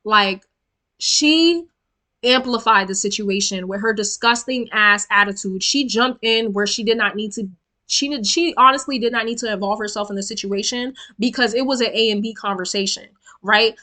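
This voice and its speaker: A woman's voice: on the high side, normal speed. Heated young woman ranting a storytime. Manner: animated, swearing, repeats "right?" often. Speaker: storytime vlogger.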